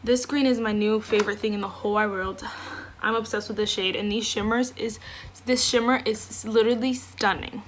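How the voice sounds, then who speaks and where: A woman's voice: mid-range voice, fairly even intonation, brisk, slight background noise. A woman beauty vlogger chatting through a makeup tutorial at home, gushing and effusive, with lots of fillers. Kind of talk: casual makeup tutorial chat.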